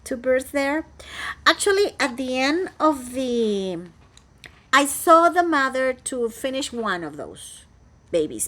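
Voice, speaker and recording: A chatty flosstuber from Costa Rica, fairly high in pitch, addresses the camera from inside her home. Her casual talk rambles along with many fillers and do-overs.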